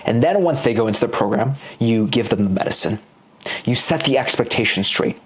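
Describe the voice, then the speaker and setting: A man coaching viewers in an animated, playful motivational sales lesson, talking straight to the viewer. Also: medium pitch, a little fast. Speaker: business coach.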